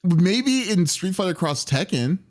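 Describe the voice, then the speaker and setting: A man's voice: high voice, sing-song, unhurried, darkish tone. A man hosting a gaming podcast in casual chat, playful and hesitant, often restarting his sentences. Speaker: podcast host.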